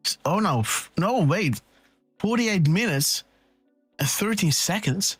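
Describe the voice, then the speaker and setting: Male live-stream host, rambling excited commentary, dry close sound, faint background music. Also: on the high side, measured pace, slightly rough, no room sound. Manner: excitable and rambling, thinks aloud with frequent "right?" and "okay". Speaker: host of a live decode show.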